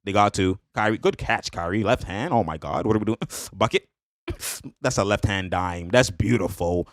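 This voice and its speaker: A man reacting to basketball highlights in a hyped, slangy way, laughing often and repeating catchphrases. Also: animated, normal speed, no echo, clean studio sound. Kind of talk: excited casual highlight reaction.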